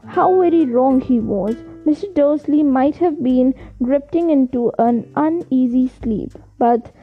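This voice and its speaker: A woman's voice: high-pitched, measured pace. A woman reading a storybook aloud, stumbling and restarting now and then. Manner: unpolished reading with slips and restarts. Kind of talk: audiobook reading. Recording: tinny phone-like sound. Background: faint music.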